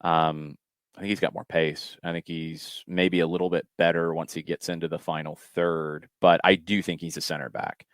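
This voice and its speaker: Deep-voiced man hosting soccer talk. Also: level tone, normal speed, no room sound. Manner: thinks aloud with many restarts and fillers. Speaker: podcast host. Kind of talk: casual soccer podcast chat.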